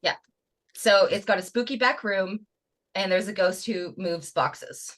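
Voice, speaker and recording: A woman's voice: mid-range voice, measured pace, fairly bright tone. A young woman, guest-hosting a live podcast. She tells stories and runs a trivia game in a playful, chatty way. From Canada. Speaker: guest host.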